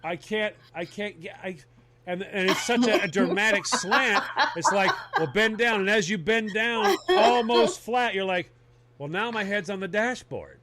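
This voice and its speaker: A man telling a comic personal story in casual chat, animated and laughing as he talks. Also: high voice, measured pace, a crowd in the background.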